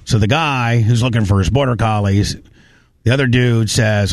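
A man's voice: mid-range voice, moderate pace, no room sound, studio quality. A man hosting a casual chat, reacting to videos and retelling stories with lots of restarts. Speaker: host.

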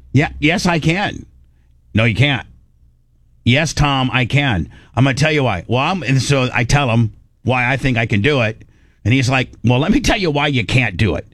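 A man hosting a radio talk show, telling a story in a casual, animated way and acting out the quoted dialogue. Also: medium pitch, no echo.

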